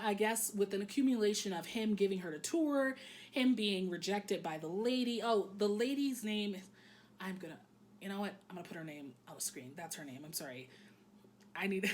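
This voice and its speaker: A woman with a medium-pitched voice gives a casual recap of an anime episode. She's candid and jokey, swears freely, and fills her pauses with "um."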